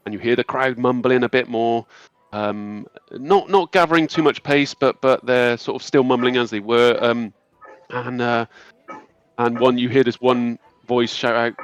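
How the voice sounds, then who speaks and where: A man narrating as game master, telling the scene in an unhurried, descriptive way. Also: medium pitch, smooth, no room sound. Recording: dull lo-fi recording.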